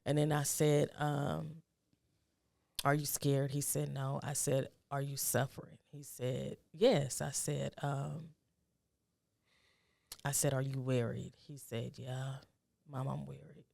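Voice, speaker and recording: Gravelly-voiced woman, soft and halting. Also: a bass voice, flat delivery, no echo, clean studio sound. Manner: soft, halting and reflective, then urgent when giving advice. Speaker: guest. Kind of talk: personal story in a conversation.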